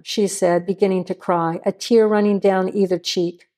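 A woman narrating a crime story in an even, measured reading. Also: medium pitch.

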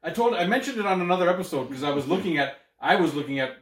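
A man's voice: sits high, expressive, racing, crowd noise. Crude, joking guy in an echoey room. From Canada. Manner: crude, joking, laughs often. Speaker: podcast co-host. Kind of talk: casual chat. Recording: roomy echo.

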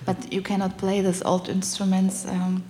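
Woman musician, mellow voice, halting w/ lots of ums, long hall echo. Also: mid-range voice, completely flat delivery, slight background noise. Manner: halting, fills with uh and um, laughs between phrases. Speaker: guest musician. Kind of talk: casual interview chat.

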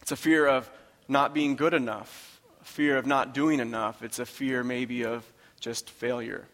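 A man's voice: mid-range voice, fairly even intonation, a little slow, fairly bright tone, long reverb tail. A man preaching a sermon, talking in a conversational, emphatic way and repeating his phrases for weight. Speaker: pastor.

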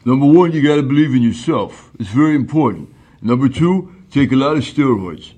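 A man's voice: mid-range voice, lively intonation, a little fast, dark tone, lightly acted. A male voice actor doing an impression of an aging action-movie star with a slurred drawl. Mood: boastful. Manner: slurred, drawling tough-guy speech.

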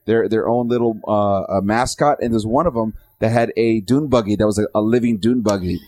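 A man co-hosting a podcast in casual chat, teasing and cracking quick jokes. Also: on the low side, darkish tone, slight background noise.

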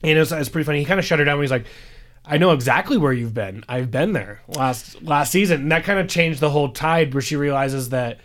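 Guy cohosting a podcast, kinda high voice, goofy rambling recap chat. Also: brisk, fairly bright tone. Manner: joking, rambling, with playful asides. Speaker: podcast co-host.

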